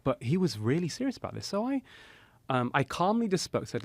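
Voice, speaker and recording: A middle-aged man, a cardiologist guest on a podcast, tells a story in an animated way, with many "you know" fillers. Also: a little high, fairly quick, no echo.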